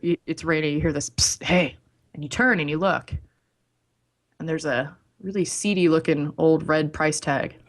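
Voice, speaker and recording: A woman's voice: deep voice, steady tone, moderate pace. Giggly young woman telling a rambling tale. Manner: giggly, rambling, acts out silly voices in stories. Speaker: podcast co-host. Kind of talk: casual chat.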